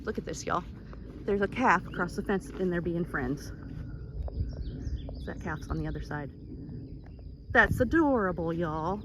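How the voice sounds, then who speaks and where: A Texan ranch owner vlogs casually while walking her rural property outdoors, chatty and slightly out of breath, a little slow with frequent pauses. She slips into a high sing-song baby voice for her animals, with outdoor ambience, animal noises and background noise around her.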